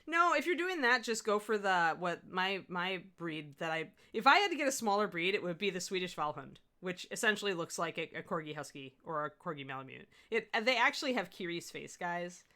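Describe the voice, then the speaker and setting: A middle-aged woman runs a live painting lesson, talking in a rambling, easygoing way. Her voice sits a little low but sounds bright and forceful. She laughs often as she answers her viewers. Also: sing-song, brisk, hardly any pauses. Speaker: miniature painting instructor. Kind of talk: live-streamed painting demo with chat.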